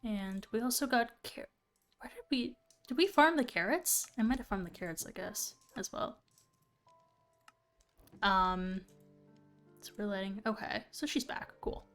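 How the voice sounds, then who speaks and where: Young woman, relaxed gameplay streamer, unhurried chatter over faint music. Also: mid-range voice. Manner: chatty, thinking aloud with fillers. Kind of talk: casual gameplay commentary.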